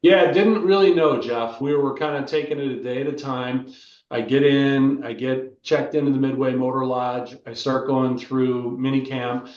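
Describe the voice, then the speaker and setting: A man's voice: mid-range voice, normal speed, far from the mic. Older american guy telling stories on a podcast, keeps saying right?, echoey room, kinda muffled. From United States. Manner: animated storyteller, keeps asking "right?". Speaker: former football player, guest. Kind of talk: casual storytelling interview. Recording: roomy, dull lo-fi sound.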